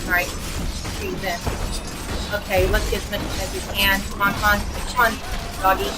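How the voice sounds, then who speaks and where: A woman streaming a game live, chatting excitedly and squealing at wins. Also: mid-range voice, normal speed. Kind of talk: live gameplay commentary. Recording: game music in the background. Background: music.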